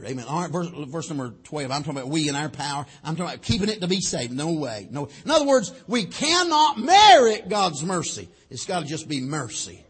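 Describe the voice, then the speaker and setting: Male preacher, high husky voice, preaches with big swings from shouting to hushed. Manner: swings from loud shouting to low and quiet, punctuated with amen. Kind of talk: sermon.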